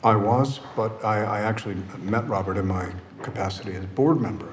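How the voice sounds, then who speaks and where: An actor playing a composed male official testifying at a hearing, speaking in a measured, formal way. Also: lowish voice, slight background noise, lightly acted. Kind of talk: film drama acting. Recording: film clip with score behind.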